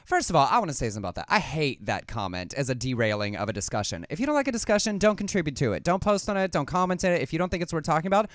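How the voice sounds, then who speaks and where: A man co-hosting a talk show in casual chat, quick-witted and teasing, emphatic when making a point. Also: on the high side, very animated, no room sound, studio quality.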